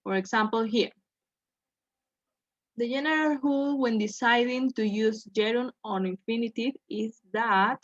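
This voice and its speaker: A woman teaching an English grammar lesson, speaking slowly and checking in with "okay" after each point. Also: a little high, no echo. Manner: slow, repeats "okay" to check in with students. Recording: dull lo-fi sound.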